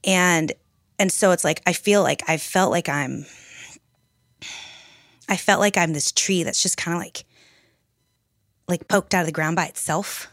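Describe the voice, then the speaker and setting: A woman's voice: on the low side, a little slow, long pauses, fairly bright tone, dry recording, clean studio sound. A young adult woman co-hosting a podcast, talking in a reflective, candid way that rambles with restarts. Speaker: podcast co-host. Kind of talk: casual group podcast chat.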